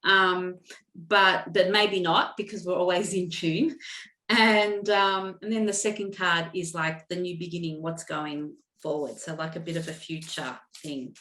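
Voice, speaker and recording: Woman doing card readings on a video call, slow and halting, kinda low voice, echoey room. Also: fairly even intonation. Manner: soft, halting, emotional, many fillers and restarts. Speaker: intuitive reader. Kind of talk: live oracle card reading.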